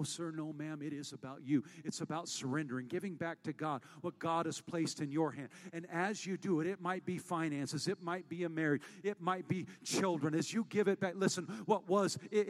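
A man preaching a sermon as pastor, moving between hushed storytelling and loud, rallying calls to the congregation. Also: on the high side, steady tone, normal speed, long reverb tail. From United States.

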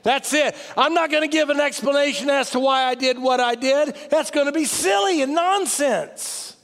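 A high-pitched man preaching a sermon, his voice carried on a long reverb that suggests a large hall. He is emphatic, driving up to loud peaks and then dropping low and quiet. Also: normal speed, vocal fry. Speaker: pastor.

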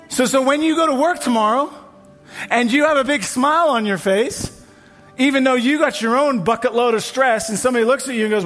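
A man's voice: very high-pitched, a little fast, fairly bright tone, faint music behind. A man preaching a sermon at a church service, emphatic and building on repeated refrains. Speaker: pastor.

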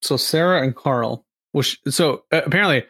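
A man's voice: fairly high pitch, moderate pace, fairly bright tone, breathy edge, no echo, clean studio sound. A man in casual chat, rambling through a movie's plot and acting out the characters' lines. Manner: rambling, acts out lines from scenes.

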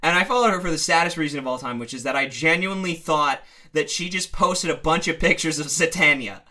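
A man in a casual podcast chat, telling animated stories with heavy profanity. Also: fairly high pitch, brisk.

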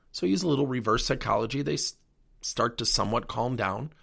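Gravelly, animated male coaching podcaster. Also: mid-range voice, fast. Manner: animated, earnest coaching delivery. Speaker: podcast host and leadership coach. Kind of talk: solo podcast talk.

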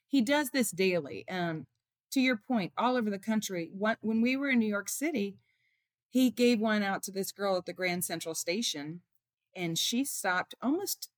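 A woman's voice: medium pitch, no echo, studio quality. A woman being interviewed as an author and mother, earnestly telling stories and acting out what people said. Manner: earnest, tells stories with quoted dialogue. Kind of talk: heartfelt storytelling in an interview.

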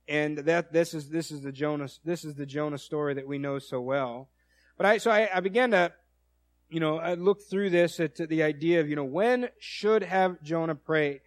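Male preacher, casual storytelling sermon, lively retold quotes, dry close sound. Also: a little high, brisk, no room sound. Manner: conversational, animated storytelling with acted quotes.

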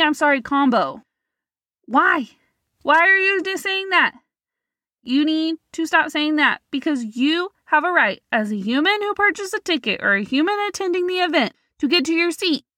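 Sassy high-voiced woman podcast host. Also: dry recording, clean studio sound. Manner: sassy, emphatic, animated. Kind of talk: solo motivational podcast talk.

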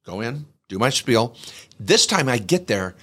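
A man's voice: mid-range voice, measured pace. A man co-hosting a podcast, telling a story in a casual, jokey way and acting out the people in it. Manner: animated, jokey storyteller who acts out quoted people. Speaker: podcast co-host.

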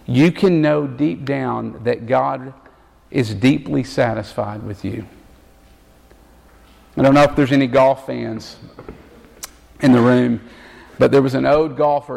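A man preaching a sermon as a pastor, telling a story earnestly and slowing down to stress key words. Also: medium pitch, vocal fry. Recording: long reverb of a large hall.

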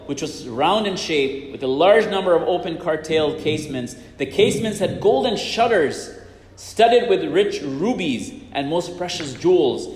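A man with a fairly high, slightly mellow voice preaches and retells a religious story earnestly, repeating himself often. The sound is echoey, with long reverb from the hall.

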